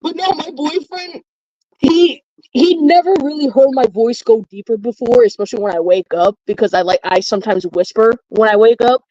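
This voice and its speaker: A woman's voice: fairly high pitch, moderate pace, dark tone, no echo, dull audio. A woman telling stories in casual chat, rambling and full of fillers. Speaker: chat participant.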